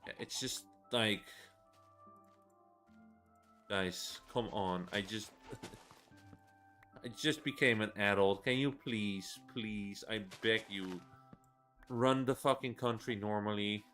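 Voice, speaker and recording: Slow, low-voiced young man ranting. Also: a bit bright, faint music behind. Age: 20s. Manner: rambling, swearing, laughing ranting. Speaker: gaming video creator. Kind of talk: casual gameplay commentary.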